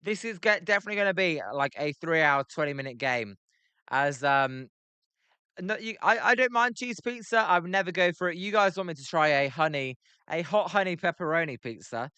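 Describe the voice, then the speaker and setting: British man, young, rambling live commentary, bright tone, dry close sound. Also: on the high side, expressive, fairly quick, clean tone, no echo. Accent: British English. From Britain. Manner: rambling, many ums, reads chat aloud. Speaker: livestream commentator. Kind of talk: casual play-by-play with chat reactions.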